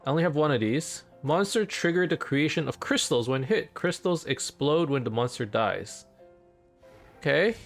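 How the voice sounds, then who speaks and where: A man hosting a let's play, casually commenting on his game in an excitable, rambling way. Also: on the high side.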